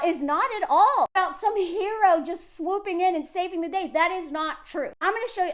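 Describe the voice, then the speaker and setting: A woman in her forties from the South, giving chatty, emphatic commentary that wanders between points. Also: sits high. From Southern United States. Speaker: video creator. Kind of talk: casual talking-head commentary.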